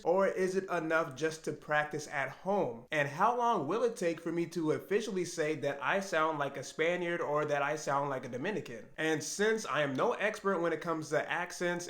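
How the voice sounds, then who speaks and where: A man's voice: fairly high pitch, a bit bright. Earnest man musing aloud in an echoey room. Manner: earnest, thinking aloud, with self-questions. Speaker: language learner vlogger. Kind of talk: reflective solo talk to camera.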